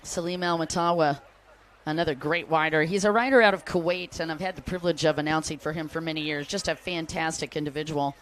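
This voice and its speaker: A woman's voice: low voice, steady tone, fast. A woman announcing a jet ski race live, chatty and upbeat, joking with the crowd. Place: outdoor race venue by the water.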